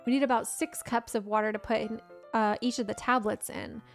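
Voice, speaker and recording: A woman voicing a shy, bookish teenage girl who talks in a soft, hesitant, apologetic way, in a game read-through. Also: on the high side, steady tone, fairly quick, faint music behind, natural voice. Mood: gentle.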